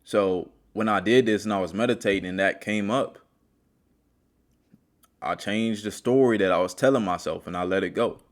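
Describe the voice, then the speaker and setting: A man's voice: on the low side, moderate pace. A man hosting a self-help video, speaking earnestly and straight to the viewer as he tells a personal story in a motivational monologue.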